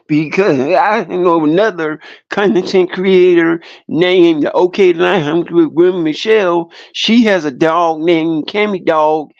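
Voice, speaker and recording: Man, guest minister, slow and measured, fairly high voice, dry dull call audio. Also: a little mellow, no room sound. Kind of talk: casual livestream chat.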